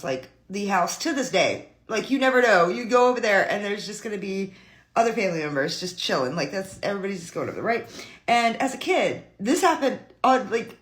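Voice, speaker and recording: A mother telling a funny personal story in a casual, animated way, often laughing and imitating the people she quotes. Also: medium pitch.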